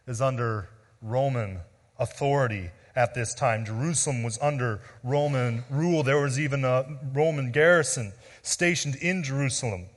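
A man preaching a sermon as pastor, explaining in an earnest teaching tone that drops low and soft on key words. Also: big-room sound.

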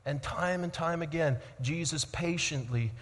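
A man preaching a sermon as pastor, swinging between loud emphasis and quiet reflective passages. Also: fairly high pitch, measured pace, big-room sound.

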